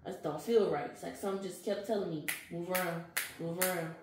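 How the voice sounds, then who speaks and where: Her pitch is fairly low and her pace quick as this young woman tells her story to an interviewer. She uses casual slang and animatedly acts out what people said, in an echoey recording with a little background noise.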